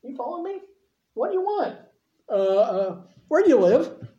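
Man voicing Jesus, gently inviting. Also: very high voice, big pitch swings, measured pace, highs cut off, voice pushed up, full character voice. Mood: curious. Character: Jesus, calm welcoming male teacher. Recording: roomy echo.

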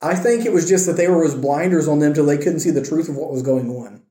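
A man's voice: a little high, quick pace, warm tone, echoey room. A man teaching a casual Bible lesson, retelling a scripture story in a conversational way with wry asides.

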